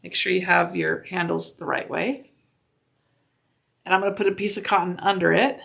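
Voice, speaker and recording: A woman giving a casual sewing demonstration, gushing and excitable and talking to herself as she works in a home sewing room, sometimes drifting away from the mic. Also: lowish voice, moderate pace, vocal fry. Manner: gushing and excitable, talks to herself while working.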